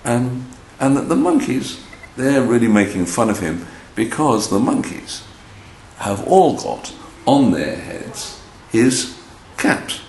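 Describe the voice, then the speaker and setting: A man's voice: mid-range voice, takes it slowly. A man, a storyteller, chatting casually while he shows felt figures and tells a children's story indoors. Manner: chatty, animated, addresses children. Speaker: storyteller demonstrating felt boards. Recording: roomy echo, faint background hiss.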